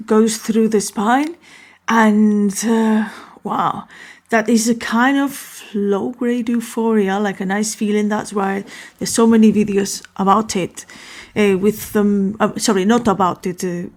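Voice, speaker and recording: A woman hosting her own show, talking casually and alone, rambling and correcting herself as she muses aloud. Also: medium pitch. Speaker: podcast host. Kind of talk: casual solo talk.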